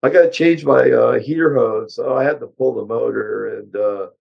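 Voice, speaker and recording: An older man, a car engineer, chatting bluntly and ramblingly as an interview guest, his voice hoarse. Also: medium pitch, moderate pace, dull audio. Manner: blunt, rambling, with many fillers. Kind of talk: casual interview chat.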